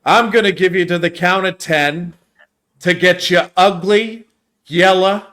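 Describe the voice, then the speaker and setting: A man's voice: high voice, measured pace, fairly bright tone, voice pushed up. A man voicing a cocky male gangster from an old black-and-white film as he retells the scene, making grinning threats. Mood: menacing. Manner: menacing threats delivered with a grin.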